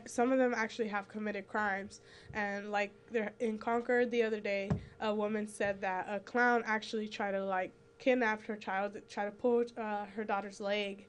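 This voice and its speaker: A woman's voice: medium pitch, flat delivery, unhurried. Young woman cohost, mid voice, rambly with lots of um and like, faint hiss. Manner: rambling, filler-heavy, earnest. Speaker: youth show co-host. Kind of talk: casual talk-show chat.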